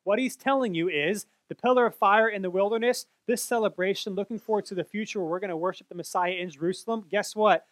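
High-voiced man teaching Scripture. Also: fast, few pauses, no echo. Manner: earnest, explanatory, with frequent self-corrections. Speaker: Bible teacher. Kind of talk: explaining a Bible passage.

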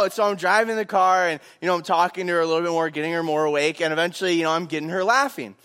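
A young man, a pastor, telling a lively personal story in a sermon and acting out what was said. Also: high voice, fairly quick. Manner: animated, acts out quotes.

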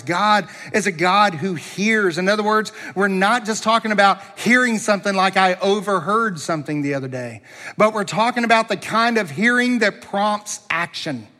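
A man's voice: sits high, sharp tone, long reverb tail. A man preaching a sermon, earnest and emphatic, building points through repetition and rhetorical questions. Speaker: pastor.

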